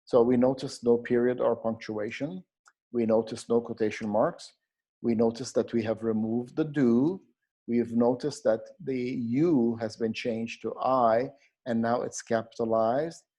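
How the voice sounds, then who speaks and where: Slow, mellow-voiced man explaining grammar. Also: mid-range voice, fairly even intonation. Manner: slow, explanatory, with frequent fillers and restarts. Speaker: teacher trainer. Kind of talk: narrated teaching video for teachers.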